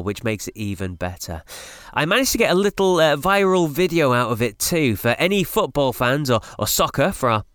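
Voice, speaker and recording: A man's voice: medium pitch, a bit bright, clear, resonant tone, no echo, studio quality. A man hosting a podcast, introducing the next interview with enthusiastic plugs. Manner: enthusiastic, plugging upcoming content. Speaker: podcast host. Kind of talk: show introduction.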